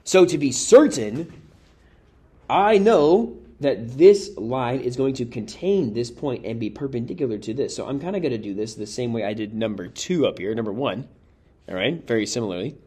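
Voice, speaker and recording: A man walks through a math review problem, thinking aloud as he goes. His voice is mellow and a little breathy, and his pitch moves around a lot as he explains. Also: sing-song, normal speed. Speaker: math teacher. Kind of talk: worked-example lesson.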